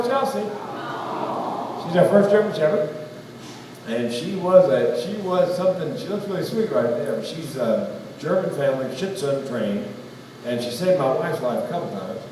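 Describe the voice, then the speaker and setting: A middle-aged man with a Southern US accent doing stand-up comedy, telling stories and acting out voices in quotes. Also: sits high. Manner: storytelling, acts out voices in quotes. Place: large hall on stage. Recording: roomy hall from a distance, audience noise.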